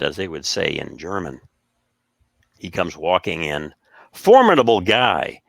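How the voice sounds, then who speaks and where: A man's voice: low-pitched, unhurried, gravelly, pauses often, dry recording, clean studio sound. A man casually telling stories on a podcast, acting out the voices of the people in them. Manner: animated, acts out quoted voices. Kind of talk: casual storytelling.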